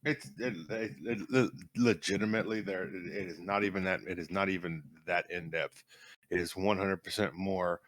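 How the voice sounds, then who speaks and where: Blunt, profane man with a low voice. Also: fairly even intonation, moderate pace, a bit bright, no room sound. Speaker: podcast co-host. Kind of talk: casual chat.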